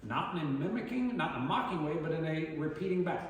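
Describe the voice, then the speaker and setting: Male presenter, lively storyteller who acts out voices, slightly high-pitched, roomy distant sound. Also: fast talker. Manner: animated, acting out quoted voices. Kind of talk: community talk on dementia care. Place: community meeting room. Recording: echoey hall from far off.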